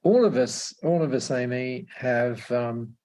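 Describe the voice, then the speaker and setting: A man, a podcast guest, telling stories in a halting conversational way, repeating words and laughing often. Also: mid-range voice, dark tone. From Australia. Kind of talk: casual conversational storytelling.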